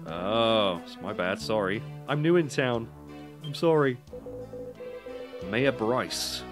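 A man's voice: medium pitch, lively intonation, slow pace, long pauses. British man, let's play commentary, reads out game dialogue, chatty and self-mocking, game music behind. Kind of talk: casual gameplay commentary reading dialogue aloud.

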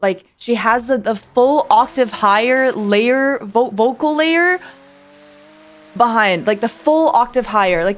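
A woman streamer reacting casually to a song, effusive and excitable and swearing freely. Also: fairly high pitch, a little slow.

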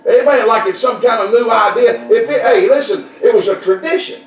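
A preacher with a high, ringing voice works the congregation in a folksy, repetitive call-and-response style. He is caught from a distance, and the church room echoes around every phrase. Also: brisk. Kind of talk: Southern Baptist sermon. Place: church sanctuary.

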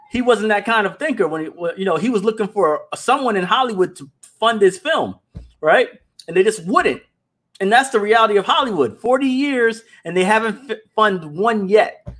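A man hosting a casual livestream for his animation company. He is animated, talks straight to his viewers, and often repeats words. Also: high voice.

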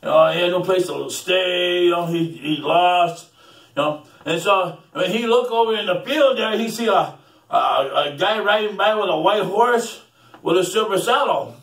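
A man's voice: high voice, normal speed, a bit bright. Rambling man telling a joke in an echoey room. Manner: rambling, repeats words, chuckles often. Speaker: joke teller. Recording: roomy sound from a distant mic.

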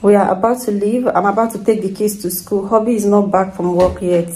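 A woman with a Nigerian accent talks casually to camera, addressing her viewers directly like friends. Her voice sits at an ordinary middle pitch for a woman. A faint hiss lies under the recording. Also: steady tone, a little fast, mellow, poor audio. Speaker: vlogger and stay-at-home mother. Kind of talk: casual home vlog talk to camera.

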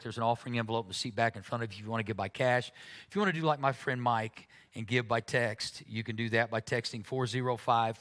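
A man's voice: medium pitch, bright, forceful tone. A man preaching a sermon as pastor, earnest, often repeating words when he is moved. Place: church sanctuary.

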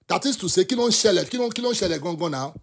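A man with a Nigerian accent hosts a talk show and gives animated commentary. He is impassioned, mixes English and Yoruba, and keeps breaking into shouts. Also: high-pitched, very fast, breathy edge. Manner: impassioned, switches between English and Yoruba, often bursts into shouts.

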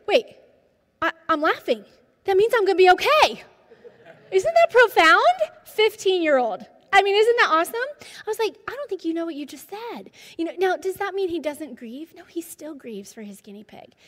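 A woman in her forties with a high voice gives a counseling talk to a group, animated and quick to ask the audience questions. Her voice rings with the long reverb of a hall. She speaks like a counselor leading a presentation.

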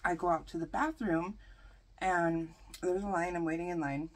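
A woman vlogger chatting through a storytime while eating, animated and full of fillers. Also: fairly low pitch, moderate pace. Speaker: mukbang vlogger.

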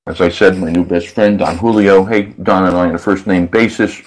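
Low-voiced chuckling male radio host. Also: steady tone, fairly quick, low-quality recording. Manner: rambling, self-amused, chuckling, with restarts. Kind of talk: casual storytelling monologue.

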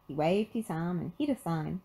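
A woman reads a children's picture book aloud with expressive storytelling. Her husky voice is fairly low and moderately paced, and the recording is rough.

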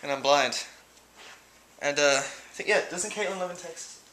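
A teenage guy rambling through shout-outs in a casual vlog at home, giggling and hesitant. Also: on the high side, moderate pace, very noisy. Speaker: vlogger. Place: room at home.

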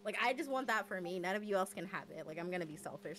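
A woman's voice: mid-range voice, animated, fast, a bit bright, slight background noise. A woman streamer chatting casually on a karaoke stream, giggly and self-mocking, swearing freely.

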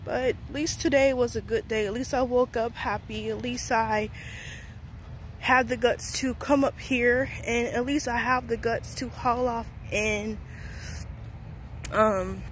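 A woman's voice: a little high, steady tone, measured pace, slight background noise. A young woman, a college student vlogger, venting and rambling casually to her viewers with lots of filler words. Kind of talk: casual vlog talk to camera.

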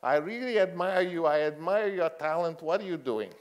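A man impersonating an excitable little old male studio boss who repeats words insistently. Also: fairly high pitch, moderate pace, clear, resonant tone, pitched above the performer's own voice, natural voice. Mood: excited.

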